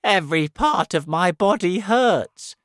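A man voicing a gloomy earthworm in a storybook reading, loud and despairing. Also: fairly low pitch, little pitch movement, takes it slowly, no echo, heavily acted.

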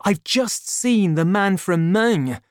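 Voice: mid-range voice, lively intonation, takes it slowly, dry recording, studio quality, voice pushed up. A reader voicing a brave young male swordsman in a storybook, with a raised, eager, heroic delivery. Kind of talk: storybook reading.

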